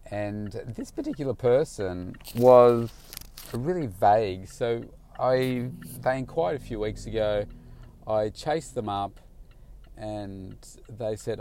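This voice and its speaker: A man, a personal trainer, telling a casual vlog story and acting out his own excited questions. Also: lowish voice, slow pace. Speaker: personal trainer, daily vlogger.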